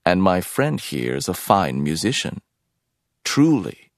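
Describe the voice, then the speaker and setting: Audiobook: sly, coolly confident young man, voiced by a deep-voiced male narrator. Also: very animated, takes it slowly, no room sound, studio quality, exaggerated voice. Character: cool, audacious young man, sly friend.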